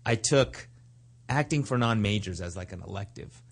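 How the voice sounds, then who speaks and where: A man's voice: on the low side, lively intonation, moderate pace. A man guesting as an actor in a casual interview, easygoing and agreeable, often repeating words as he answers.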